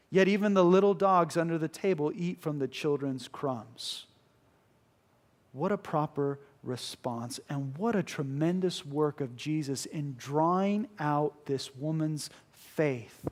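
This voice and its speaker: Higher-voiced man preaching an earnest sermon. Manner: earnest, emphatic preaching with repeated phrases.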